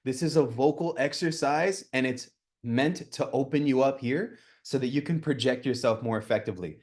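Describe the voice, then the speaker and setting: A man in his thirties coaching a live group on real estate cold calling, energetic and talking with his hands, often checking in with "right?". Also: mid-range voice, normal speed.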